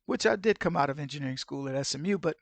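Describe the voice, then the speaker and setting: A middle-aged man hosting an opinion commentary show, telling stories in an animated way and acting out the people he quotes. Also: on the high side, fast talker, vocal fry, no room sound. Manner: animated storyteller who acts out the people he quotes. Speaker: podcast host.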